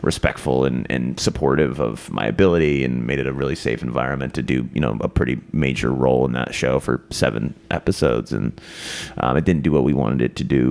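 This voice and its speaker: A man's voice: extremely low pitch, brisk, gravelly, few pauses, darkish tone. A man in his twenties from Iowa, an actor telling stories in a casual interview, rambling with restarts and frequent laughs. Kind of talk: casual storytelling.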